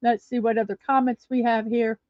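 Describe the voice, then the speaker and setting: A woman's voice: a little high, flat delivery, a little fast, dry recording. A woman hosting a casual livestream, chatting and reading viewer comments aloud. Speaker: livestream host. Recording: dull lo-fi dry stream audio.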